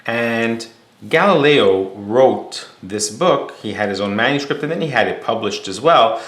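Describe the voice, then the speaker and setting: In an echoey room with a faint hum, a man with a mid-range, fairly bright voice delivers a storytelling lecture. He is animated but a little slow, explaining casually and using fillers and restarts.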